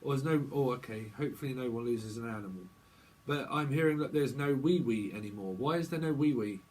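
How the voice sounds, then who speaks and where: A man's voice: mid-range voice, a little fast, darkish tone, low-quality recording. A man hosting a tarot channel, rambling through channeled messages in playful, free-associating wordplay and laughing often.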